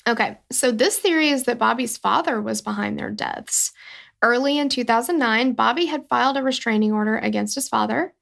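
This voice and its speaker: A woman's voice: on the high side, a little fast, vocal fry, a bit bright. A woman co-hosting a true-crime podcast, chatting casually and rambling with lots of fillers. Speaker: podcast co-host.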